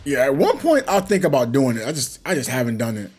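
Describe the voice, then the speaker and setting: A man's voice: mid-range voice, wildly swooping pitch, fast, a little mellow, slightly rough, faint music behind. A young man, a gaming channel host, talking casually and reflectively while he plays, rambling and chuckling between points. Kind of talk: casual talk while playing a game.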